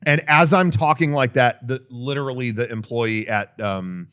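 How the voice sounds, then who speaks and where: A man's voice: moderate pace, a bit bright, clean tone. A man co-hosting a podcast in casual chat, telling a self-deprecating story about himself. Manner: self-deprecating storyteller, drops his voice low when deflated. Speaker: podcast co-host.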